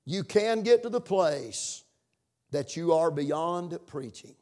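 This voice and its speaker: A man preaching in church with a somewhat high voice. He builds to loud, emphatic lines, then drops to quiet asides to the congregation. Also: lively intonation, takes it slowly. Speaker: pastor. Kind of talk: sermon.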